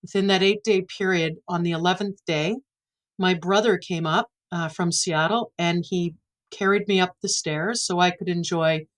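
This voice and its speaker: A woman's voice: on the low side, steady tone, moderate pace, low-quality recording. A woman in her forties, a podcast guest earnestly recounting a personal story and acting out the dialogue. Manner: earnest, emotional retelling with quoted dialogue.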